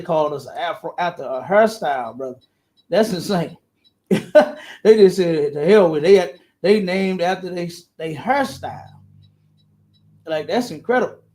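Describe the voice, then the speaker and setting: High-voiced man telling an animated story. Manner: repeats words, laughs often, acts out quotes in a high voice. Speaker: podcast host.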